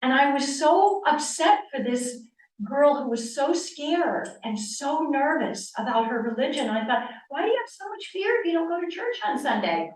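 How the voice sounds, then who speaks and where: A woman in her sixties, from the northern United States, speaking as a guest speaker on yoga and telling personal stories in an animated way, acting out the dialogue she quotes. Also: sits high, moderate pace. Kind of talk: personal storytelling talk. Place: church hall. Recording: echoey room, distant mic.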